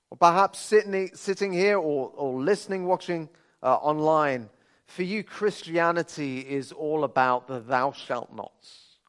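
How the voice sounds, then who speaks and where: Male preacher at a church service, a touch high-pitched, conversational and earnest with light humor. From Birmingham, England. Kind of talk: sermon. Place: church service, streamed online.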